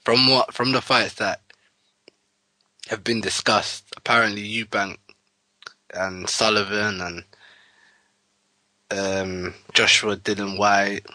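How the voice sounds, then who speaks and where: London guy on a boxing podcast, laughy and sweary, bright tone. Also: fairly low pitch, steady tone, slow pace, long pauses, dry recording, low-quality recording. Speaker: podcast regular. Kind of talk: casual chat.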